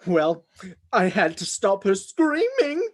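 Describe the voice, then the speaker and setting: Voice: medium pitch, huge pitch swings, slow, full character voice. A reader voicing a frantic male butler in a live script reading, racing through the recap with sudden yelps.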